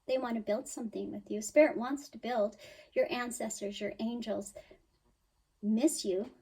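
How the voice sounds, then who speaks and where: A woman's voice: fairly high pitch, steady tone, moderate pace, warm tone, husky, low-quality recording. A woman giving a spiritual tarot reading, talking straight to her listener in an emphatic, soothing way, with sighs and quoted worries. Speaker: tarot reader.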